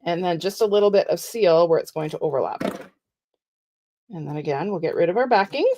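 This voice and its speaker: A middle-aged woman giving a chatty, step-by-step live craft tutorial with soft asides. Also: lowish voice, animated, brisk, a little hiss or hum. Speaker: card-making demonstrator.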